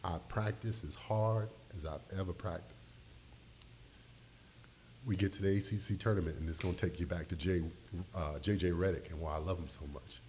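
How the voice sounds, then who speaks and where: A middle-aged man from Tampa Bay, telling an emotional story as a podcast guest, animated and speaking straight to his listeners. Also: low-pitched, normal speed, slight background noise. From Tampa Bay, Florida. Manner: animated, addresses listeners as y'all.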